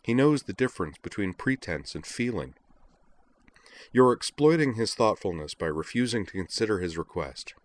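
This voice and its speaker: Male reader doing a sharp-tongued, furious young woman, pushed higher. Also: animated, normal speed, natural voice. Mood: scolding. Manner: heated, scolding. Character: angry, forceful young woman confronting a friend.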